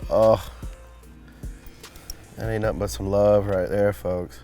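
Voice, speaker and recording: A man's voice: on the low side, steady tone, slow, warm tone, soft background music. A man from New England hosting a barbecue cooking vlog outdoors, upbeat and jokey as he serves food to friends. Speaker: host of a barbecue cooking channel. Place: outdoors in a backyard at a smoker.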